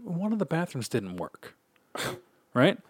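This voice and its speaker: An American man co-hosting a podcast, telling a crude story in an animated, laughing way. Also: on the high side, slow, slightly rough, dry recording, studio quality. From United States. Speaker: podcast co-host. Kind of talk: casual storytelling chat.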